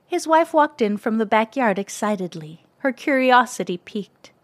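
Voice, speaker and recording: A woman narrating a children's story in a gentle, expressive way, close to the mic. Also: on the high side, normal speed, hardly any pauses, no echo.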